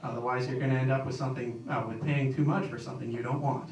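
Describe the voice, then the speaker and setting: A man's voice: fast, close to an everyday voice. A man doing his stern, thrifty dad. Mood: lecturing. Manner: low, flat lecturing tone. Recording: echoey room, distant mic, noisy.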